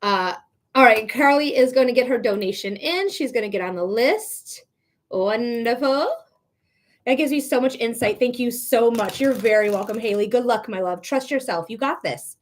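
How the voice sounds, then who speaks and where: A woman's voice: a little high, moderate pace. A woman giving live tarot readings on a stream, chatty and encouraging, talking straight to her viewers. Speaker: psychic reader.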